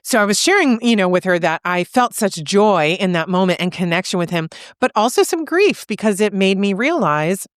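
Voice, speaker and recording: Telling a personal story reflectively, this woman in her thirties, a therapist and podcast co-host, speaks earnestly and keeps tagging her sentences with "right?". Her medium-pitched voice is expressive, clear and resonant, at normal speed with few pauses, in clean studio sound with no room sound.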